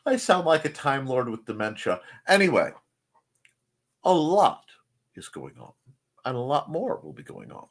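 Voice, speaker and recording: A man hosts a relaxed morning livestream, greeting viewers and wandering into jokey, self-mocking tangents. His pitch swings widely from phrase to phrase, while his voice sits in an ordinary middle register. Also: moderate pace, long pauses. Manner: rambling, self-deprecating, jokey asides. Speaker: host of a live morning show. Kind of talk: casual live-stream chat reading comments.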